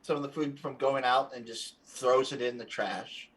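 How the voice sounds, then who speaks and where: A man running a tabletop game as game master, describing scenes in halting phrases full of fillers. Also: medium pitch, fairly even intonation, fairly bright tone.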